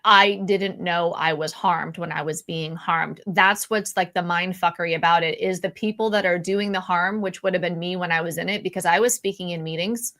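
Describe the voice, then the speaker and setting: A woman's voice: lowish voice, steady tone, moderate pace, hardly any pauses, a bit bright. A woman co-hosting a casual live-stream chat, speaking candidly, laughing often and restarting her sentences. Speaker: podcast co-host.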